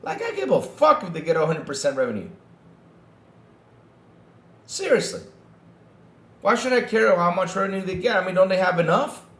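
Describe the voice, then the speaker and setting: In a roomy-sounding recording, a man with a high voice speaks at a moderate pace, leaving long pauses. As a gaming podcast host, he reads news aloud and responds with lively ridicule and swearing while addressing his chat.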